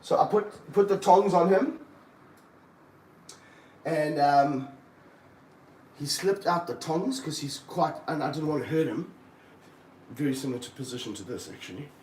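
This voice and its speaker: Animated man in an echoey snake room. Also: a little slow, pauses often. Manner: animated, excited bursts, then low and muttering. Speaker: snake keeper. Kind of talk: live-stream chat while handling a snake. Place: room of snake enclosures, indoors. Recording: roomy, from a distance, faint background hum.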